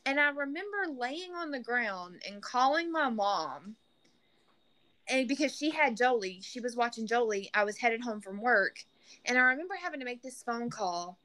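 A woman's voice: on the high side, fairly bright tone. A single mother talking earnestly in a podcast conversation, often restarting her sentences. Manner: earnest, frequent restarts and "you know".

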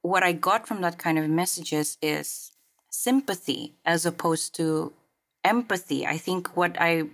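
Low-voiced woman hosting a reflective chat. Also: a little slow, fairly bright tone. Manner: thoughtful, reflective, with many fillers. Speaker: podcast host. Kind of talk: casual conversation.

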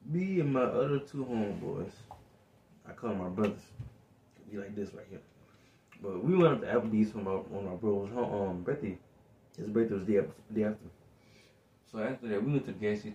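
A man's voice: lowish voice, warm tone, distant mic, muffled recording, slight background noise. A young man telling a story in casual chat as a vlog co-host, laid back and chuckling, raising his voice when he quotes someone. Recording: echoey room.

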